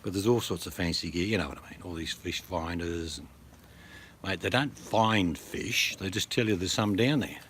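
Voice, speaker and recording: Man, Australian accent, middle-aged, low-pitched, blunt, joking, rambling. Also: moderate pace, a bit bright, a little hiss or hum. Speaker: vlogger. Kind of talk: casual to-camera chat.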